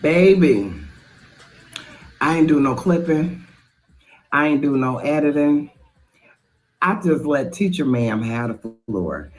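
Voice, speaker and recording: A woman's voice: low-pitched, lively intonation, slow, pauses often, a little mellow. A woman replying in a social media video, drawling and mocking.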